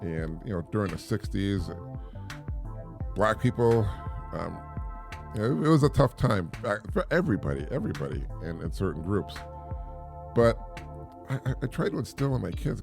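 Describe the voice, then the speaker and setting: A man's voice: lowish voice, very animated, normal speed, gravelly, pauses often, over music. A middle-aged man hosts a podcast, talking casually in a rambling way with many restarts and repeated words. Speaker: podcast host. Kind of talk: casual monologue.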